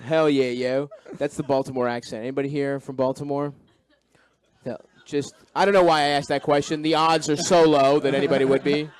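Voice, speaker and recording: A man's voice: mid-range voice, flat delivery, brisk. A male stand-up comedian doing rambling, self-deprecating banter and crowd work.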